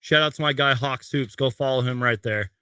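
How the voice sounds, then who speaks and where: A young man hosting a post-game fan rant from his bedroom, emotional and halting, choked up as he reads tweets aloud to a webcam. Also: mid-range voice, pushed and bright, clean tone, no room sound. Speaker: host. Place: bedroom at home.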